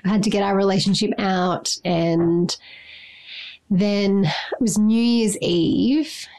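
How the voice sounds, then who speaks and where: A woman's voice: medium pitch, slow pace, darkish tone. A woman in her thirties telling a personal story as a podcast guest, acting out her own quotes and laughing often. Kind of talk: casual storytelling chat.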